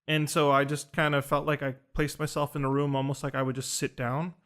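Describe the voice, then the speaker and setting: A man's voice: fairly high pitch, level tone, fairly quick, a bit bright. A young man casually telling a personal story on a podcast, earnest and rambling, full of fillers and restarts. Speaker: podcast host recounting a ceremony.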